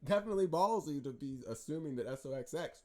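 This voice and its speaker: A man giving casual market commentary over charts, animated and talkative, with frequent restarts and jokes. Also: a little high, fast talker. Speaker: stock market chart analyst.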